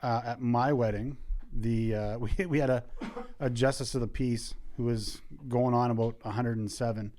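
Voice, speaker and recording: A man's voice: medium pitch, steady tone, moderate pace, a little mellow. A Canadian man hosting a casual roundtable, telling a wedding story with a wry tone and frequent laughter. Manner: wry, laughs mid-sentence. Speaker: podcast host. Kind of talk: casual storytelling among friends.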